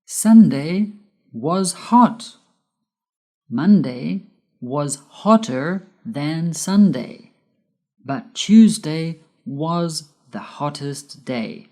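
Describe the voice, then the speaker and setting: A woman giving a scripted English grammar lesson, careful and measured, spelling out letters one by one. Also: deep voice, lively intonation, warm tone. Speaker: English teacher.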